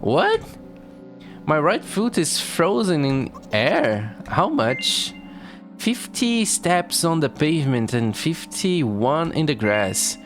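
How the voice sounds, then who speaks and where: Streamer reading a text game out loud, slow and easy, pitch jumping all over. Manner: animated, reacts and reads game text aloud.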